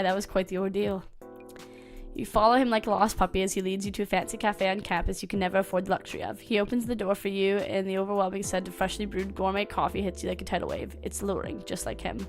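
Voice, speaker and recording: A woman hosting a let's play, reading a visual novel aloud and breaking off for casual, sweary asides. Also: medium pitch. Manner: casual, sweary asides between read lines.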